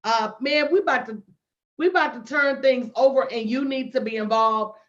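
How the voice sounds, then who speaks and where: Brash, high-pitched woman coach hosting a live stream; muffled lo-fi sound. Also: normal speed. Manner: brash, animated, talks straight to viewers. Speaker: business coach and livestream host. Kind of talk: livestream promo chat.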